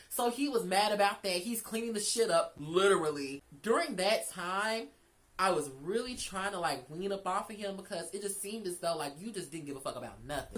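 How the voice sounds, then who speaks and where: A woman's voice: medium pitch, low-quality recording. A young woman vlogger telling a casual, candid storytime, swearing freely and acting out the dialogue. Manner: candid, profane, animated retelling with quoted dialogue.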